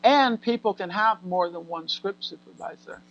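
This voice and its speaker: An American actress talking casually as a guest in an interview, animated and laughing often as she acts out what people said. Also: medium pitch, moderate pace, vocal fry, lo-fi sound. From United States. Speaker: guest actor.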